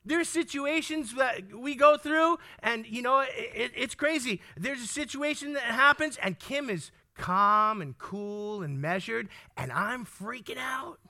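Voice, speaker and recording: A man's voice: very high voice, expressive, unhurried, hardly any pauses, bright, forceful tone. A man preaching a sermon, speaking emphatically, firing questions at the congregation, repeating key lines and stumbling over words when worked up.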